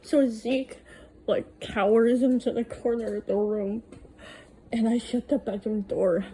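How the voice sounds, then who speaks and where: A woman's voice: on the high side, steady tone, a little slow, dark tone, a little hiss or hum, poor audio. A young woman casually recounting a night from her own life, blunt and swearing freely. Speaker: storyteller. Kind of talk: casual first-person storytelling.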